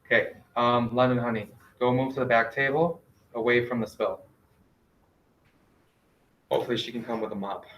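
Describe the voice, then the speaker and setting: A male teacher giving a classroom math lesson, gently directing students and quizzing them with questions. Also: medium pitch, steady tone, normal speed, pauses often. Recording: echoey classroom.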